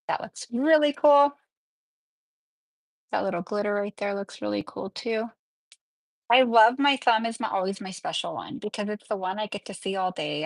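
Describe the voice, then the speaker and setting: Excitable woman with vocal fry. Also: medium pitch, dry recording. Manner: chatty, excitable, often apologizing. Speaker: nail artist hosting a live tutorial. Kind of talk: casual live-stream tutorial.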